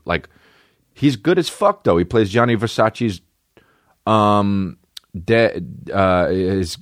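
A man in his thirties hosting a podcast from home, rambling in a casual, profane, animated way with lots of restarts. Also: on the low side, dry recording, studio quality. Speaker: podcast host. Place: at home, dogs nearby. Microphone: podcast microphone.

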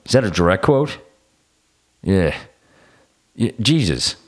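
A man's voice: sits low, very animated, slow pace. A man hosting a podcast, delivering a combative, sarcastic rant with plenty of swearing. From United States. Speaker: podcast host. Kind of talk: ranting podcast monologue.

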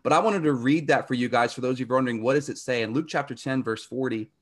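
A man's voice: medium pitch, fast. A man hosting a faith podcast, reacting to his guest and then encouraging his listeners with enthusiastic, preachy commentary. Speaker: podcast host.

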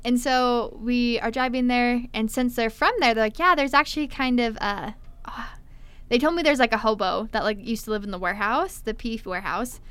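Young woman, smooth clear slightly high voice, lively storyteller who acts out quotes. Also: moderate pace, dry recording. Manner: animated, acts out quotes, heavy filler "like". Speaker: storyteller guest. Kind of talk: casual storytelling chat.

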